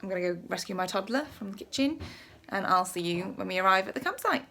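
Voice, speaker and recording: A woman's voice: medium pitch, expressive, fast talker, creaky. A woman vlogging to a handheld camera, chatting in a friendly, rambling way while out of breath. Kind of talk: casual vlog chat to camera.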